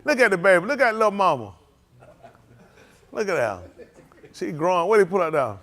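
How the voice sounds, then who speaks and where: A man's voice: sits high, big pitch swings, moderate pace, pushed and bright. A man, leading a congregation and greeting livestream viewers by name in a joking, teasing, casual way. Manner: joking, teasing, calls out names.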